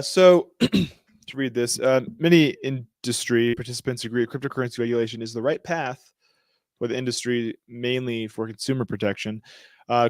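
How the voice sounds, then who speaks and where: A man of average pitch reads headlines aloud on a casual podcast, breaking off to joke and throw in slang. He trips over words and laughs it off. The sound is dry and close, with no room echo. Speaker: podcast co-host. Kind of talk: casual chat reading news aloud.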